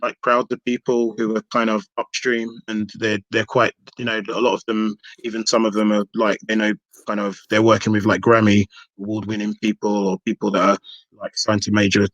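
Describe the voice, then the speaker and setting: A man's voice: on the low side, monotone, a little fast, fairly bright tone, no room sound, muffled recording. A man, a hip hop artist talking casually in a podcast interview, rambling with many restarts and fillers.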